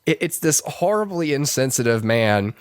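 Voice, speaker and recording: A man's voice: big pitch swings, moderate pace, clean tone, no room sound. A man chats through a classic film review on a podcast, stumbling over his words and circling back with fillers. His voice sits in a plain middle range. The sound is close and dry, with no room around it. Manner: rambling, many restarts and fillers, puts on high voices to quote characters. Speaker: podcast co-host. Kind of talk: casual movie review chat.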